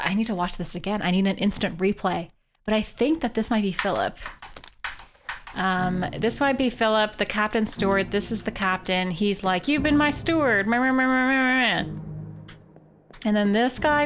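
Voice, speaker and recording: A woman's voice: medium pitch, normal speed, a little hiss or hum. A woman from Canada, streaming a game live and chatting playfully with her viewers. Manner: animated and joking, talks to chat. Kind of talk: casual live-stream gameplay commentary.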